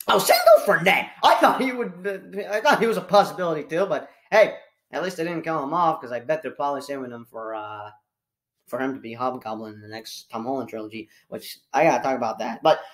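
A young woman giving a casual spoiler review of a movie, talking in an excitable, rambling way that swings from low mumbles to shouts, with many restarts.

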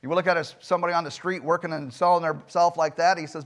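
Male pastor, high voice, emphatic sermon in a church, swings loud and soft. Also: steady tone, fast. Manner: emphatic preaching with rhetorical questions and sudden loud swings. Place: church sanctuary.

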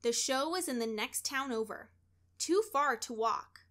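A woman with a high-sitting voice reads a children's story aloud, telling it in an expressive, deliberate way.

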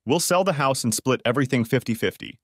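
Audiobook part: a narrator doing a hard, icy husband laying out terms, animated, dry. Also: male voice, medium pitch, quick pace, no room sound, pitched above the performer's own voice. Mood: cold. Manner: cold and firm. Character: cold, resolute wronged husband.

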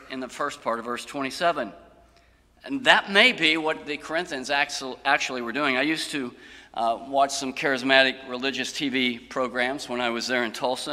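Pastor preaching in a big sanctuary, earnest with dry wit, somewhat high and bright, lingering hall echo. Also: male voice. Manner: earnest, plain-spoken, dry humor. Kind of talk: sermon. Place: church sanctuary. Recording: long church-hall reverb.

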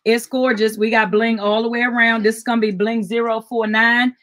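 A woman's voice: a little high, little pitch movement, fairly quick, a bit bright. An older woman hosting a live jewelry sales stream, chatting with viewers and repeating item codes.

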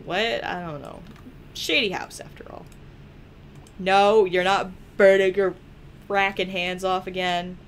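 A woman's voice: mid-range voice, fairly even intonation, unhurried, long pauses, a little hiss or hum. A young woman chatting playfully through a let's play, teasing the characters and laughing often. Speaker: gaming video creator.

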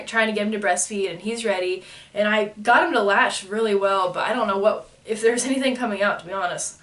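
A woman's voice: mid-range voice, recorded from a distance. A woman in her twenties casually telling a personal story, laughing often and acting out what people said. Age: 20s. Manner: animated, laughs often, acts out quoted lines.

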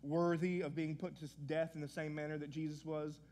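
Male pastor, conversational sermon, earnest, slightly raised pitch. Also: little pitch movement, fairly quick, a little mellow. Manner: earnest, conversational preaching with frequent restarts.

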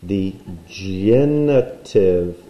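A man's voice: sits low, animated, extremely slow, echoey room, lo-fi sound. A man teaching a recorded language lesson, playful and explaining while he draws.

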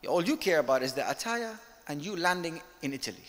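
A man lecturing on leadership, speaking candidly and telling stories to his audience while asking them questions. His voice sits a little high for a man. He was recorded in a hall with a long, lingering reverb. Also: quick pace. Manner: candid, animated storytelling with direct questions. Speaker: guest speaker, company director.

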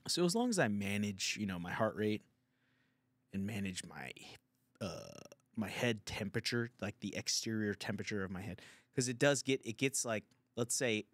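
Crude rambling podcast host. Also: male voice, fairly low pitch, a bit bright, no echo. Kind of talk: casual comedic monologue.

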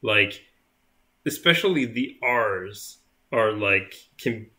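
Tired young guy on a livestream, bright voice, lots of um and like, rambly. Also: lowish voice, lively intonation, slow pace. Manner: rambling, many fillers and restarts. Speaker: co-host. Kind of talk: casual live chat.

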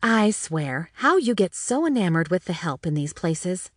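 A prim, proper older mother, voiced by a woman reading an audiobook, speaks in a low, cool, clipped tone. Her voice sits lower and quieter than the narrator's own. The recording is dry and close. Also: sing-song, unhurried, dry recording. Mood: haughty. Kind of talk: audiobook character voice.

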